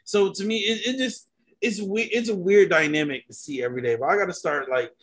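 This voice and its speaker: Animated man with a higher voice. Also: a little fast, slightly rough. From United States. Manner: animated, many restarts and fillers. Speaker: panelist. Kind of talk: casual discussion.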